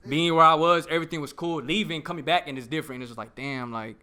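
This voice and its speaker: A man's voice: a little high, fast, bright, forceful tone, clear, resonant tone. A young man from Oklahoma, a rapper guest in casual podcast chat, rambling in street slang with lots of "bro" and "like".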